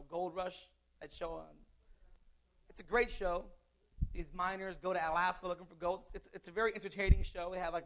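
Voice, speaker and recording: A man's voice: sits high, a bit bright. A man preaching a sermon in a conversational way, mixing scripture with jokes and asides.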